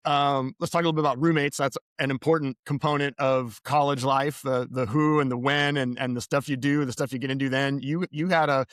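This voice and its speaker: A man hosting a podcast, asking questions in a relaxed, joking way and chuckling along. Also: mid-range voice, a little fast, few pauses, no echo, clean studio sound. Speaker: podcast host. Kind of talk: casual interview chat.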